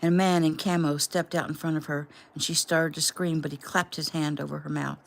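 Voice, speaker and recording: A woman casually reading her own novel aloud at home in a plain, unhurried way. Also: low-pitched, fairly even intonation, creaky. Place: home room.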